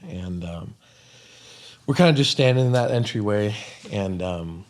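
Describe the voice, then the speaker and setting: A young adult man hosting a podcast, telling a story in a chatty, excitable way with lots of fillers. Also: on the low side, measured pace. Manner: chatty and excitable, heavy use of "like" and "um". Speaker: podcast host. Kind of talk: casual storytelling chat.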